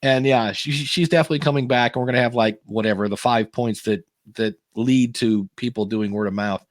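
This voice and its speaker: A man's voice: mid-range voice, fairly even intonation, brisk, dry recording, studio quality. A man co-hosting a live podcast in casual chat, rambling and joking as he reads out viewer questions. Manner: rambling, jokey, self-interrupting. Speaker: podcast co-host.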